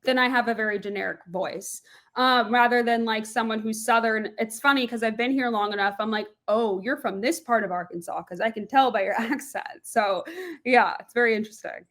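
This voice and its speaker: A young woman from Florida, chatting as a guest in a casual interview, quick and animated with frequent laughs and a plain general American voice. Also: fairly high pitch. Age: young adult. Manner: lively, quick, laughs often, animated asides.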